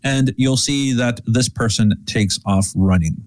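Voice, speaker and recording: Male game master, mid-pitched, loose narration for a live tabletop podcast. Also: measured pace. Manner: loose, with fillers and restarts.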